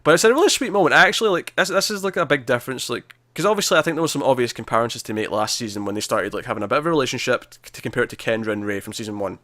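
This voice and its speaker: A man's voice: mid-range voice, lively intonation, racing, few pauses, sharp tone, no room sound. A Scottish man co-hosting a podcast, chatting casually about TV episodes in a rambling way, full of fillers and restarts. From Scotland. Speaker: podcast co-host. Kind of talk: casual chat reviewing TV episodes.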